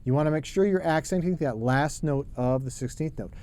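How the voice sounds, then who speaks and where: A middle-aged man teaching a drum lesson, talking in a relaxed, chatty way and singing rhythm syllables. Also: on the high side, a little fast.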